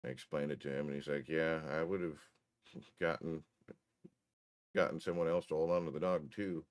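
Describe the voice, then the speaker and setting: A man's voice: very deep voice, flat delivery, moderate pace. A man telling a story in casual chat, profane and wry.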